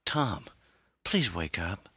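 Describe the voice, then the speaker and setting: A man's voice: low-pitched, big pitch swings, slow pace, creaky, sharp tone, husky, no echo, studio quality, pitched above the performer's own voice, full character voice. A man voicing an anxious, loving wife at her husband's hospital bed, tender and fussing.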